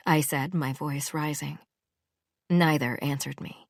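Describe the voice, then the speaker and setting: A woman reads a first-person romance audiobook in a low, unhurried voice. Her telling is measured and intimate. It is recorded close on the mic, dry and free of room sound. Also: fairly even intonation, no echo. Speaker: audiobook narrator.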